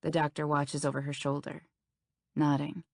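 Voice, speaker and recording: A woman's voice: sits low, level tone, normal speed, vocal fry, dry recording, clean studio sound. A young woman narrating a first-person romance audiobook in an intimate, anxious telling. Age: young adult.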